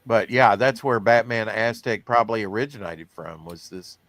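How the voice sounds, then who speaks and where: A man's voice: on the low side, normal speed, a bit bright, dry recording. A man hosting a comics podcast, reading news in a rambling, casual way, with lots of fillers. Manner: rambling, filler-heavy, self-deprecating. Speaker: podcast host.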